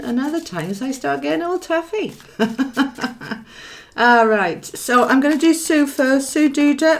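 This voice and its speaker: A woman's voice: medium pitch, slight background noise. Affectionate Welsh woman reading tarot. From Wales. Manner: affectionate, calls viewers darling and my lovely; chatty, thinks aloud while drawing cards. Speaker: tarot card reader. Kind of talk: live-streamed tarot reading.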